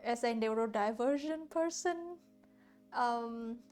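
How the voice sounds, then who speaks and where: Painting on stream, a Hanoi woman whose first language is Vietnamese chats with her viewers in a halting way, searching for words and restarting frequently. Her fairly high, clean voice moves slowly over quiet lo-fi music.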